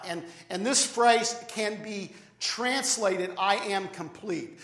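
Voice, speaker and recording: A man's voice: high-pitched, slow pace, a bit bright, reverberant. A man preaching a sermon to his church, talking conversationally and often repeating words and restarting phrases. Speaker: pastor. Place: church sanctuary.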